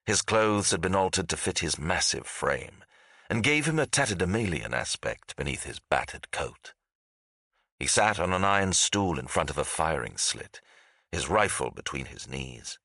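Guy with a really low bright voice reading a fantasy audiobook, lots of ups and downs, dry close sound. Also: big pitch swings, moderate pace, dry recording. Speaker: audiobook narrator. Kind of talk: scripted fantasy audiobook narration.

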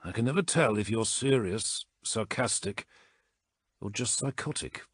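A man's voice: lowish voice, expressive, measured pace, husky, dry recording, studio quality. A man voicing a stern male warrior in an audiobook, giving curt orders. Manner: curt, commanding.

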